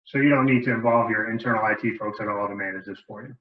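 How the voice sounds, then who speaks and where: A man's voice: fairly low pitch, fairly even intonation, fast talker. A man hosting an interview who gives brief affirmations and asks leading questions. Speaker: interview host. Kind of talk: conversational interview. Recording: distant roomy lo-fi sound.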